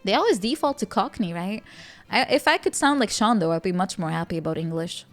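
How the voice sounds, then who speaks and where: Lady streaming, chatty and giggly, mid-pitched voice, bit of game music low in the back. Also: lively intonation, a little fast. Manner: giggly, laughs often between remarks. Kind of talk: casual chat with live viewers.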